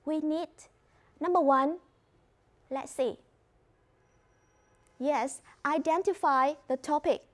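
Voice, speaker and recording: High-voiced woman teaching a class. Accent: Vietnamese. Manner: clear, instructive, mixes in explanations in her first language. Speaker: English teacher. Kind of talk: classroom lesson.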